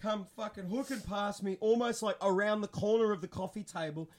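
A young man telling a story in casual podcast chat, animated and swearing constantly. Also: sits high, brisk, crowd noise. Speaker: podcast co-host.

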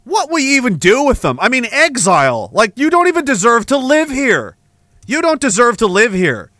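A man's voice: extremely high pitch, huge pitch swings, moderate pace, sharp tone, dry recording. A man hosting a podcast, ranting angrily and with heavy profanity between reading chat messages, with sarcastic asides. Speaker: podcast host.

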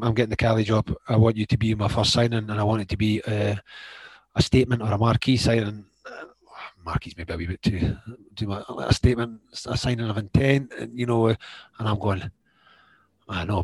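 A middle-aged Scottish man, a former footballer, telling stories in a lively way, acting out what others said and laughing along. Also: on the low side, slightly rough, dry recording. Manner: animated, acts out quoted dialogue, laughs often. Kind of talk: storytelling anecdotes in conversation.

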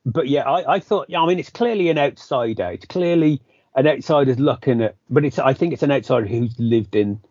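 A man's voice: mid-range voice, lively intonation, brisk, darkish tone, husky, dry recording, muffled recording. A British man co-hosting a podcast, chatting casually about a film, rambling with lots of restarts. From Britain. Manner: rambling, self-correcting, many restarts. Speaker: podcast co-host.

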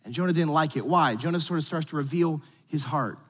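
A pastor with a fairly high, breathy voice speaks fairly quickly, giving a conversational, joking sermon in a church sanctuary. He's playful and talks straight to his congregation, and the large hall adds long reverb.

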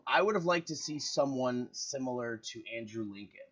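A man on a podcast talks movies in a loose, rambling way and stops often with "uh" and "um" while he searches for names. His voice is bright and forceful at a middle pitch. The recording sounds slightly dull and lo-fi. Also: expressive, normal speed. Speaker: podcast co-host. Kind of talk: casual movie chat.

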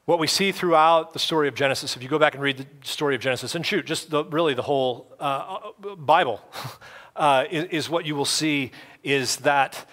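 A man delivers a church sermon in a loose, conversational way, slipping into playful voices for the people in the story. His voice sits a little high and rings bright. The talk is easygoing and chatty rather than formal. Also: normal speed. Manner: casual, conversational preaching with playful quoted voices. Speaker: pastor.

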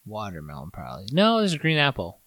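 A man in a relaxed candy-tasting chat, his pitch jumping around with lively energy. He jokes and swears easily. The sound is dry and close, with no room around it. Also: fast talker, dry recording. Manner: animated, swears, jokey.

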